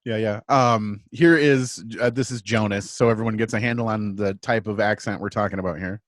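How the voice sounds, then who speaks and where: A man's voice: fairly low pitch, steady tone, brisk, no room sound. A man hosts a casual podcast, laughing a lot and tossing in dry quips between questions. The sound is close and dry, with no room around him. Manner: dry jokes, laughs often. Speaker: podcast host. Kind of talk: casual chat.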